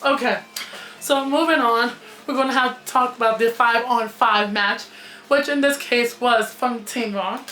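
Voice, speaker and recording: Blunt, bright-voiced woman in echoey gym. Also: fairly high pitch, unhurried, slight background noise. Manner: blunt and outspoken, swears freely. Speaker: wrestling reviewer. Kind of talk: casual opinionated review.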